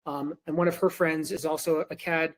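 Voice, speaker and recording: Guesting on a podcast, a nutrition coach from Korea chats casually through a personal story, lively in his delivery and performing what other people said. His voice runs on the high side at a normal speed.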